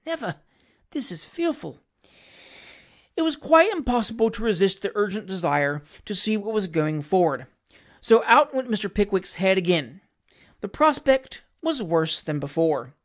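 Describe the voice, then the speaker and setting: A woman reading a classic novel aloud as narrator, in a measured, expressive storytelling manner. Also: medium pitch. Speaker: audiobook narrator.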